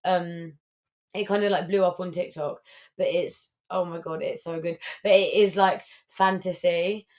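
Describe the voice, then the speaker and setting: A young woman co-hosting a podcast with a fairly low voice. She talks casually and gushes, filling her sentences with "like". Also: steady tone, a little slow, a little mellow. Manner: gushing, heavy use of filler "like". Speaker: podcast co-host. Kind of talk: casual chat.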